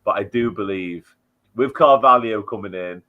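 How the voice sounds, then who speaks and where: A man's voice: fairly low pitch, normal speed. A man on a football podcast panel, giving frank, chatty opinions on a player's future. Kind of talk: casual football chat. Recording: dull lo-fi audio.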